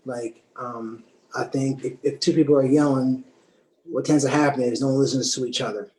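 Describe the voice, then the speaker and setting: A man talking calmly and deliberately in a casual discussion, often repeating words as he works out his point. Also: mid-range voice. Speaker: panel guest. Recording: echoey room.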